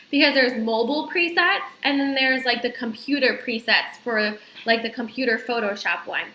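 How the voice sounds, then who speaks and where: Bright, chatty woman in an echoey room. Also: a little high. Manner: chatty, filler-heavy, talks straight to viewers. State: slightly out of breath. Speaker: vlogger. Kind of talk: casual screen-share tutorial.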